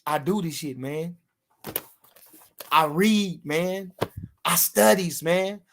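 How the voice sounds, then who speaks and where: A man streaming a heated boxing rant to his live chat, loud and repetitive, swearing freely and breaking into shouts. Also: fairly high pitch, takes it slowly.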